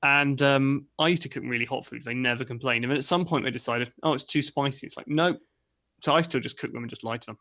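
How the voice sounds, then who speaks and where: Fast-talking, thoughtful middle-aged man. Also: mid-range voice, bright, forceful tone. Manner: thoughtful and reasoned, with many fillers. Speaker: co-host of a livestream chat show. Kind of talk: casual chat. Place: at home.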